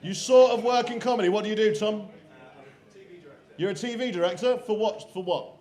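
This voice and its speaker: High-voiced man hosting a comedy night. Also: normal speed. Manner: crude, teasing banter with the crowd. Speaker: comedy show host. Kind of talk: live stand-up compering. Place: comedy club stage. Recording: echoey club with loud crowd. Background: audience laughter and cheers.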